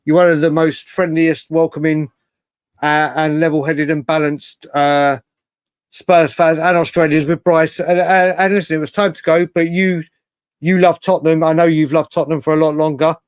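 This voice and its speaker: A man's voice: a little high, moderate pace, smooth, no echo. A man hosting a live fan stream, chatting through viewer comments with a lot of repetition and the odd swear word. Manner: animated, swears, repeats himself often. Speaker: host of a live fan show.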